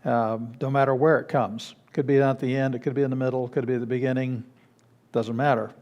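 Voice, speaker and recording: A man's voice: medium pitch, fairly even intonation, brisk, a little mellow. A man teaching a beginners' Greek class in a church classroom, explaining patiently with frequent restarts and fillers. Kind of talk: classroom lecture.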